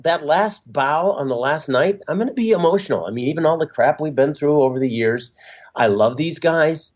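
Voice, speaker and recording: Middle-aged man, reflective, muffled audio. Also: a little high. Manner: reflective and openly sentimental, easygoing with frequent fillers. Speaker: musician guest. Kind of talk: interview conversation.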